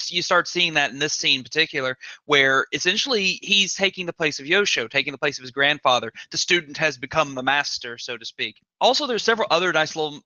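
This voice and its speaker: A man's voice: on the high side, sharp tone, no room sound, lo-fi sound. A man co-hosting a casual podcast discussion, speaking articulately with slightly formal phrasing. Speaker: podcast co-host.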